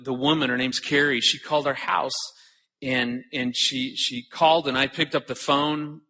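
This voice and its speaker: A man's voice: medium pitch, bright, forceful tone. A middle-aged man speaking earnestly at a conference, often repeating words as he starts a thought. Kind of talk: conference talk to an audience. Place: conference hall stage.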